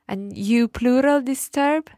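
A woman's voice: fairly high pitch, slow pace, a little mellow, dry recording, studio quality. A woman co-teaching a podcast language lesson who models phrases and encourages the learner's answers. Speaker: co-host teacher.

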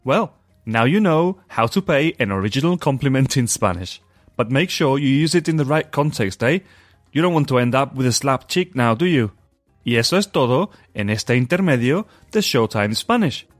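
Lively male language teacher. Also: medium pitch, normal speed, dry recording, clean studio sound, faint music behind. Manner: coaching, asks listener to repeat after him. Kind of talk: short podcast lesson segment.

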